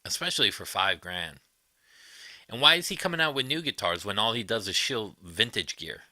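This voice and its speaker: Lowish and animated, a man talks at a moderate pace with a pushed, bright sound in a dry recording. Running a casual livestream, he reads comments from viewers and bluntly gives profane takes.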